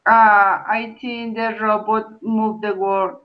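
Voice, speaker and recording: Slow, hesitant woman learning English. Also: medium pitch, level tone, muffled recording. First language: Spanish. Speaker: English student. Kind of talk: online English lesson.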